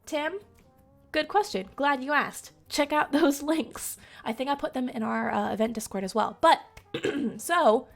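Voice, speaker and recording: A high-pitched young woman with a twang, chatting casually on a charity live stream. She is bubbly and laughs easily, and her delivery is unhurried. Faint music plays underneath. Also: vocal fry. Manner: excitable, laughs often, talks to chat.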